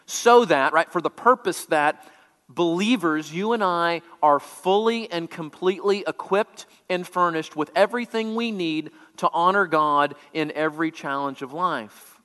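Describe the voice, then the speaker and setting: A man's voice: a little high, measured pace, a bit bright, in a large hall. A man preaching a sermon, explaining scripture word by word as a teacher, often repeating words as he restarts.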